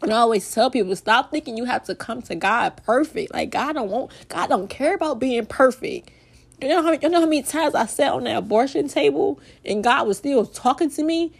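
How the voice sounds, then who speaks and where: A woman's voice: high voice, a little fast, gravelly, slightly rough. An emotional young woman talks on her faith podcast, close to tears. Her delivery is heartfelt and loose, full of "like" and repeated phrases. She ends up praying aloud. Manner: heartfelt, repetitive "like", ends in spoken prayer. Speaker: podcast host.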